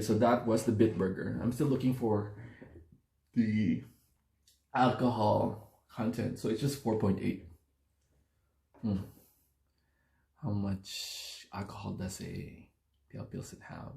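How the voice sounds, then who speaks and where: Casual vlogger, man, low, warm-toned voice, rambling and correcting himself. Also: gravelly, roomy sound. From Philippines. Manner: chatty, rambling, self-correcting. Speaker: beer-tasting vlogger. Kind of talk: casual chat to camera. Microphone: phone camera.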